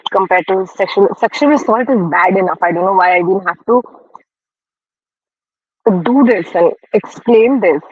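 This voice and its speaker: A man's voice: high-pitched, dry recording, muffled recording. A man hosting a casual livestream, talking frankly and chattily while snacking, a bit self-deprecating. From India. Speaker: livestream host. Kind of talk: casual live-stream commentary.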